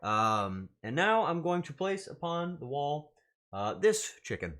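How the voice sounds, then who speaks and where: A man's voice: fairly high pitch, big pitch swings, measured pace, fairly bright tone. A young adult man chatting casually on a livestream, joking in mock outrage and swearing freely. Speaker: streamer.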